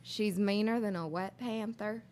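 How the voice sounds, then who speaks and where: A woman's voice: medium pitch, fairly even intonation, unhurried, darkish tone. A woman co-hosting a casual podcast chat, giggling as she reads out sayings. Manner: giggly, reading out southern sayings. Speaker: podcast co-host.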